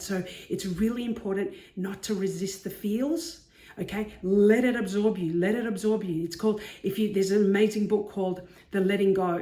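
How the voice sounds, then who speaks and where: A woman's voice: medium pitch, mellow. A woman giving a casual motivational talk, chatty and saying okay again and again. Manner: chatty, says okay often. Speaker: self-help vlogger. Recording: echoey room.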